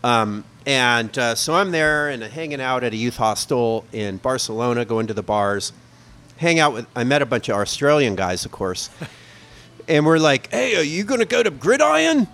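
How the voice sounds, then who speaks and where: A man in middle age tells a long, loose story in a casual pub conversation. His voice sits at an ordinary middle pitch, and he talks in a rambling, self-mocking way. He keeps the tone of easygoing chat. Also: moderate pace, a bit bright, clean tone. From United States. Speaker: podcast co-host.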